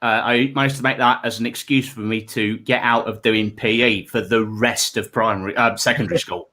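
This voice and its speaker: A man hosting a comedy panel, telling a jokey story in an animated way. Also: on the low side, fairly quick.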